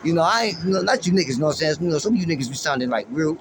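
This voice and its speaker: A man's voice: on the high side, expressive, rapid-fire, slight background noise. A man from Los Angeles, hosting and musing in a laid-back, rambling way, with heavy slang, profanity and plenty of fillers. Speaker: podcast host. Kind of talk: casual street-slang musing.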